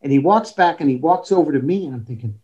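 A man's voice: a little high, fast talker, highs cut off. A man who coaches golf, telling stories in an interview and acting out the quoted dialogue. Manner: animated storyteller, acts out quoted dialogue. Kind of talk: storytelling in a podcast interview.

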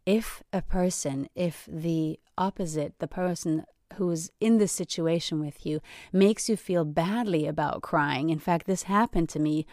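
A woman's voice: low voice, unhurried, a little mellow, dry recording, clean studio sound. A woman hosting a podcast, talking earnestly and emphatically, often checking in with "right?". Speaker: podcast host. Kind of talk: reflective solo podcast talk.

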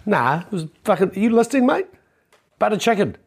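A man, co-hosting a podcast in rapid, profane, joking banter. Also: high voice, very animated, gravelly, slightly rough. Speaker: co-host.

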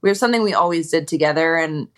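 A woman from Minnesota, a guest in an interview, telling stories in a relaxed way with lots of fillers. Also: low-pitched, rapid-fire. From Minnesota, USA. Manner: relaxed storytelling with many "you know" fillers and quoted asides. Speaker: guest, retired ski racer. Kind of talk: casual interview chat.

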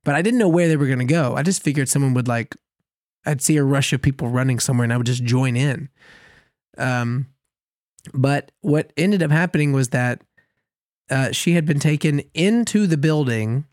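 A man co-hosting a podcast, telling a long story in a casual, animated way, laughing at himself often. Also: mid-range voice, normal speed, no echo, studio quality. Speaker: podcast co-host.

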